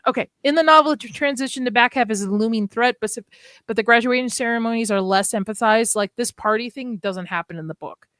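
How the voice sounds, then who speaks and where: A woman's voice: a little high, fast talker, a bit bright, no echo. A woman co-hosting a casual live discussion, chatting and reading her notes aloud with frequent restarts. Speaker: podcast co-host.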